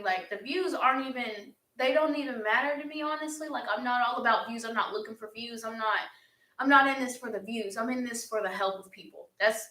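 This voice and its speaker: Bright-voiced young woman, heartfelt chat. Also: medium pitch. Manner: earnest, heartfelt, chatty with laughs. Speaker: YouTuber answering fan questions. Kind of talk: casual chat. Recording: echoey room.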